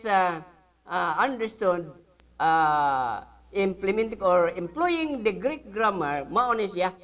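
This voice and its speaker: At church, a man with a high, slightly bright voice teaches a Bible lesson, switching between English and Cebuano. He frequently pauses on filler words and reads scripture passages with strong emphasis.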